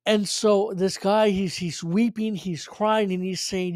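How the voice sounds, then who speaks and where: A man's voice: sits high, steady tone, measured pace, darkish tone, no room sound, studio quality. A man preaching, earnestly telling a personal faith story with frequent restarts and fillers. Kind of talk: sermon testimony storytelling.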